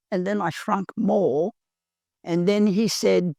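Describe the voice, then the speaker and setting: An older woman from Perth with an Australian accent, telling her recovery story in a halting, earnest way, full of pauses. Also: mid-range voice, fairly even intonation, gravelly, mellow, no room sound, studio quality. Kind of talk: personal recovery testimony.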